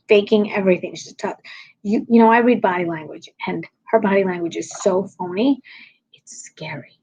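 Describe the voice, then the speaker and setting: A tired woman comedian with a low voice, ranting bluntly and sarcastically to her viewers in a casual chat. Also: darkish tone, highs cut off, slight background noise. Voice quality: low, husky. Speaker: comedian live-streaming.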